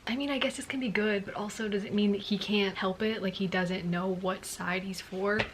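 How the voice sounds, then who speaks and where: Woman, mid-pitched voice, book reaction vlog: gushing, exclaims a lot, hushes for read-out passages. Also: fairly even intonation, normal speed, a little hiss or hum. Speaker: book vlogger. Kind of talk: excited book reading reaction.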